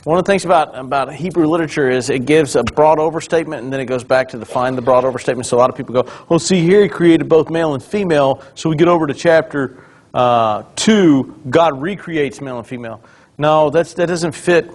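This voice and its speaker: Pastor teaching a Bible class. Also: male voice, mid-range voice, quick pace. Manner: explains then quizzes the class with questions. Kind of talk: conversational Bible study teaching.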